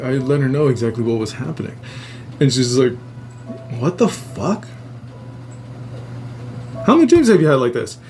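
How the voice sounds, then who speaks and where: A man hosting a podcast, telling his own strange dream stories in a casual, profane, animated way and jumping into high voices when he quotes people. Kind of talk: casual storytelling.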